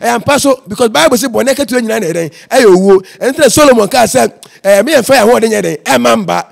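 Fast, gravelly high-voiced Ghanaian man. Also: animated. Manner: storytelling, mixing in English phrases. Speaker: interview guest, evangelist. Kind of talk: personal testimony in casual interview.

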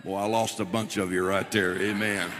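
A middle-aged man preaching a Pentecostal sermon with emphatic delivery that swells into shouts. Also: sits low, flat delivery, normal speed. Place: church sanctuary. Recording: long church reverb.

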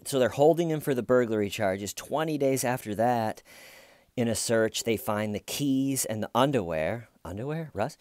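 Slow, low-voiced wry commentator. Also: male voice, darkish tone, smooth, no room sound, studio quality. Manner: wry, musing, with hesitant restarts. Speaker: true crime commentator. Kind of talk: casual video commentary.

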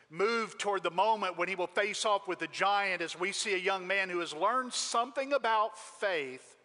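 Emphatic preacher in a reverberant sanctuary. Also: male voice, high voice, sharp tone. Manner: emphatic, storytelling. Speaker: pastor. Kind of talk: sermon. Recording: long hall reverb.

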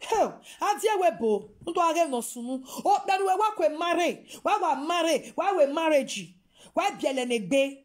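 Nigerian woman vlogger, high voice, emphatic scolding rant. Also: expressive, normal speed. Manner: emphatic, scolding, mixing Pidgin with local-language phrases. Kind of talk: impassioned monologue to viewers.

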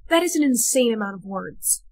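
Young woman, slightly husky, put-upon skit lines, fairly high voice. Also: very animated, fairly quick. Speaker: skit performer. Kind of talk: comedic skit acting.

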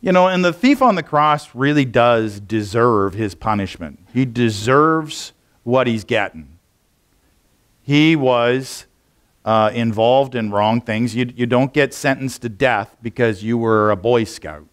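Speaking a little slowly in a medium pitch, a male pastor preaches a sermon inside a church. He rambles casually and conversationally, frequently restarting and filling pauses.

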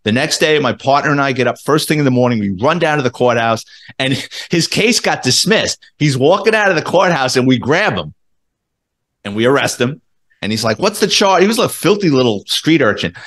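Middle-aged New man, ex-cop guest; casual, salty storyteller who jumps into quoted voices; mid-pitched. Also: a little fast. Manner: animated, profane, acts out quoted dialogue. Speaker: former police detective, guest.

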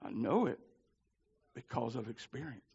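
A man preaching a holiness sermon, telling stories with fervor and swinging from shouts to low pleading. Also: expressive, normal speed, vocal fry, breathy edge, dull audio. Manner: fervent, climbs to shouting then drops low. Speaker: minister.

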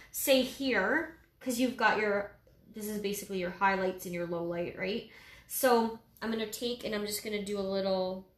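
A woman walks through a painting project in a relaxed, chatty way, sprinkling in "um" and "like" as she explains each stroke. Her voice sits in a middle range and carries a noticeable room echo. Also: mid-range voice. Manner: easygoing, lots of fillers like "um" and "like". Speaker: painting instructor. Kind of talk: casual step-by-step painting tutorial. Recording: roomy echo.

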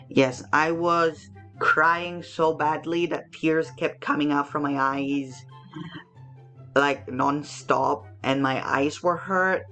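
A woman's voice: sits low, a bit bright. A young woman with a Hong Kong English accent hosts a children's lesson, chatting playfully, repeating herself and asking her viewers questions. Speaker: children's English teacher and host. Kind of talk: casual talk to children.

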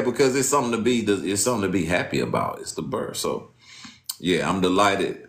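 A man giving an informal sermon, reading scripture aloud and talking in a casual, slangy way, swinging from loud exclamations to low muttering. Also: echoey room. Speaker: preacher.

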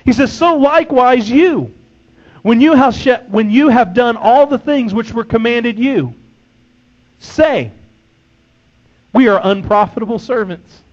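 High-voiced preacher on a dull recording. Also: male voice, animated, measured pace, long pauses. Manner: emphatic, rising into voiced complaints and scripture reading. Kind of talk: sermon.

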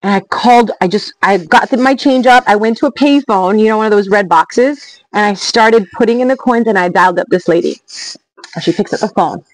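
Energetic woman telling travel stories. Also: medium pitch, a little fast, no echo, rough recording. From Canada. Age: 40s. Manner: energetic, emphatic, chatty. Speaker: travel vlogger. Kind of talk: motivational storytelling vlog.

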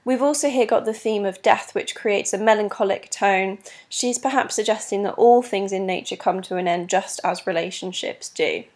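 Female teacher voice, mid-pitched, patient and clear, explaining step by step. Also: moderate pace. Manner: clear, patient, many ums, stresses rhythm aloud. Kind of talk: recorded exam lesson explaining poetry.

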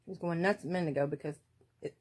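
A woman in her forties with a Southern US accent, filming at home on a phone and talking to her pet in high, playful baby talk. She laughs often. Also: steady tone, rapid-fire, a little mellow, slightly rough. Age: 40s. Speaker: crafting vlogger. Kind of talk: casual home video chat. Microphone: phone held in hand.

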